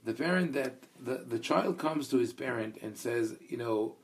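A man's voice: mid-range voice, normal speed. A man teaching a Bible discussion in an earnest, thoughtful way, telling anecdotes and quoting Hebrew. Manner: reads a Hebrew verse aloud. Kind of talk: conversational teaching.

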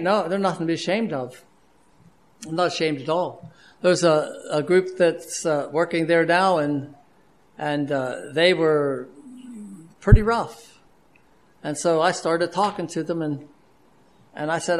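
A man's voice: fairly high pitch, unhurried, long pauses. A man preaching a sermon in an earnest, conversational way, with frequent restarts and fillers.

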